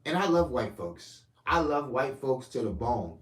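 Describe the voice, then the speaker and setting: A man delivering a profane ranting political monologue to camera, swinging between loud outbursts and low mutters. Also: very animated, normal speed, reverberant, a little hiss or hum. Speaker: political commentator.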